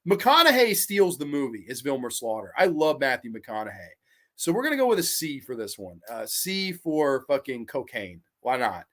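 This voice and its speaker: Male streamer, casual horror-review host, swears freely, excitable, banters with chat. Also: mid-range voice, normal speed. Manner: profane, excitable, reacts to chat. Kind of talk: casual livestream commentary.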